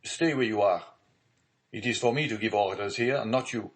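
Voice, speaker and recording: A man's voice: lowish voice, moderate pace, close to an everyday voice. A man reading as an anxious, commanding magistrate. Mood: urgent. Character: pale frightened male magistrate, anxious, commanding.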